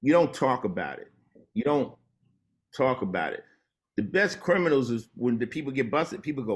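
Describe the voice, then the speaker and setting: A man as an interview guest, telling stories in a laid-back way and dropping low and slow when he turns serious. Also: sing-song. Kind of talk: casual conversation.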